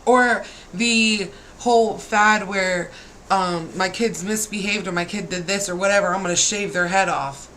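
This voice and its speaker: A woman in her thirties, a parent, rants heatedly to camera with exasperated, scolding rhetorical questions. Her mid-range voice is fairly bright, a little slow, and fairly even in intonation, and the low-quality recording has a little hiss or hum.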